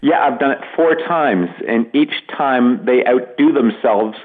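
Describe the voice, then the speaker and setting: A middle-aged Canadian comedian with a Canadian accent, giving a dry, self-deprecating radio interview with many restarts. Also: male voice, medium pitch, unhurried, phone-quality sound. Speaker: comedian guest.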